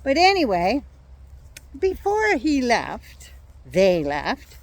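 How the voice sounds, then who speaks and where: A woman's voice: fairly high pitch, wildly swooping pitch, slow, dry recording. Sarcastic older woman ranting outdoors. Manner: sarcastic, mocking. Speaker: vlogger. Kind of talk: casual political rant. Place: outdoors in a yard.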